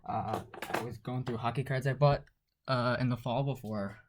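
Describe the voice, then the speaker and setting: A man hosting a casual card-unboxing vlog, talking quietly in a half-whisper, sarcastic and dismissive. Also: medium pitch, steady tone, normal speed. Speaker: card-opening channel host. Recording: noisy home recording with pack crinkling.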